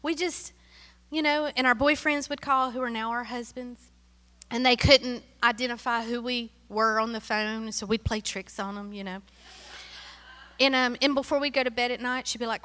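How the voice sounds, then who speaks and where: Middle-aged woman, from Tennessee, sermon-style testimony, high ringing voice, echoing hall. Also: normal speed. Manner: animated and emotional, dropping to hushed asides. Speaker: speaker giving a testimony.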